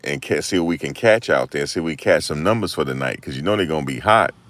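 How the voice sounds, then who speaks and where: Deep-voiced slangy man telling stories. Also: quick pace, dry recording. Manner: slangy, animated anecdotes with acted-out quotes. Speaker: channel host. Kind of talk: casual storytelling commentary. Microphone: desk microphone.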